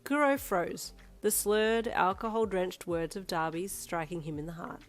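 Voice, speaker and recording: A woman reading second-person fanfiction aloud with brisk, lively storytelling. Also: on the low side, faint music behind. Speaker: fanfiction reader.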